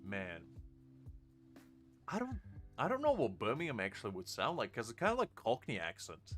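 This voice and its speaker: A man's voice: mid-range voice, huge pitch swings, moderate pace, fairly bright tone, soft background music. A young man in his twenties with a British accent, chatting casually and joking while streaming a game. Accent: British English. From Ukraine. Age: 20s. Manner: rambling, joking, laughs often. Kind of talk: casual live-stream chat.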